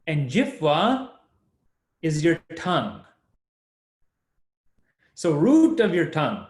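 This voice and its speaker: A man's voice: fairly high pitch, wildly swooping pitch, slow, a little mellow. A young man teaching a Sanskrit class over a video call, patiently explaining step by step and often laughing. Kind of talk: online class lesson. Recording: echoey room.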